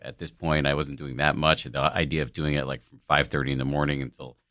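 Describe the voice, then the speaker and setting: A man's voice: rumbling low, level tone, a little fast, fairly bright tone, dry recording, clean studio sound. A man guesting on a podcast, telling a personal story in a candid, self-deprecating way with the odd swear word. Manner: frank and profane, self-deprecating.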